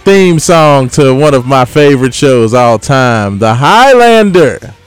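A man's voice: medium pitch, very animated, takes it slowly, smooth, soft background music. A man hosting a morning radio show, chatting casually and laughing often. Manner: laughs often, enthusiastic fan talk. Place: radio studio.

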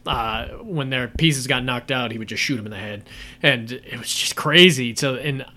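A man's voice: medium pitch, normal speed. A man chatting casually about films on a podcast, retelling scenes with lots of fillers and the odd swear. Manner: animated storytelling, swearing, many fillers. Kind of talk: casual movie chat.

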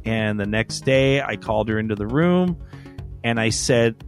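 A man's voice: on the low side, moderate pace, faint music behind. A man hosting a podcast, telling a rambling, profane story in a casual chat. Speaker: podcast host.

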